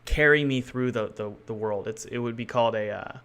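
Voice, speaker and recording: A man chats loosely with his audience while developing a game on stream, thinking aloud and often correcting himself mid-sentence. He speaks fairly quickly in a mid-range voice that is clean and fairly bright.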